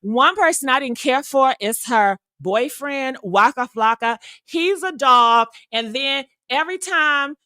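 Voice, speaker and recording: A woman hosting a casual gossip stream, telling stories in a sassy, animated way. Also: sits high, a little slow, few pauses, no echo. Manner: sassy, animated storytelling with acted-out quotes. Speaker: show host.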